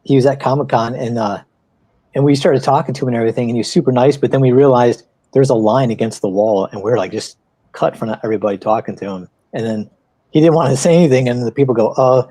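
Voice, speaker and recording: A man chatting casually on an art livestream, telling rambling anecdotes in an animated way. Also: medium pitch, fast, no echo. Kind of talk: casual chat.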